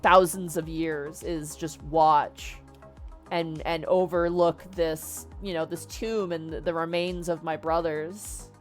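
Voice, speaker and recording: A woman voicing an ancient, weary male armored warrior-monk, speaking in a slow, hushed, mournful way. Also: low-pitched, steady tone, faint music behind, voice pushed down.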